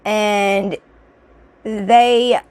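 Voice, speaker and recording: In a dry recording, a young adult woman chats casually on her vlog, showing products and rambling with filler words. Her mid-range voice is steady, extremely slow, darkish, clear and resonant, though slightly off and throaty, with some throat clearing.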